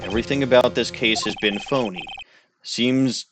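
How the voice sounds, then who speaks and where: A man streaming a game, reading courtroom lines in a theatrical, lowered voice with crude asides, faint music behind. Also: normal speed. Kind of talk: dramatic game dialogue reading.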